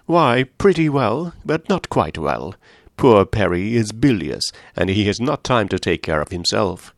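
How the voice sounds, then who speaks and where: A man voicing a fretful elderly gentleman who fusses anxiously over health. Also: on the low side, very animated, unhurried, no room sound, studio quality, heavily acted. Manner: anxious, fussing, gently scolding.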